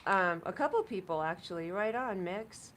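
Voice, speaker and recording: A woman's voice: fairly low pitch, lively intonation, normal speed, fairly bright tone, slight background noise. A woman co-hosting a casual live stream, teasing and wisecracking, swearing casually. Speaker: co-host reading viewer chat.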